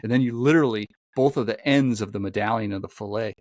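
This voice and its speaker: Hosting a podcast, a man with a low, darkish voice talks quickly through a long, meandering story in casual conversation, packed with fillers and restarted sentences. There's no room sound.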